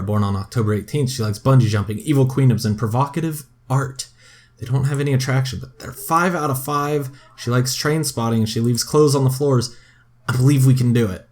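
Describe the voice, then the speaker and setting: A young man giving casual, chatty commentary on a game he is playing, excitable and often crying out in dismay. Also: medium pitch. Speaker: gaming video host.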